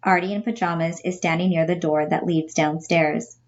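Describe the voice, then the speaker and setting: A woman's voice: on the low side, fairly even intonation, normal speed, few pauses, dull audio. Woman teacher reading stage directions. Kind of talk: reading a play aloud for a class.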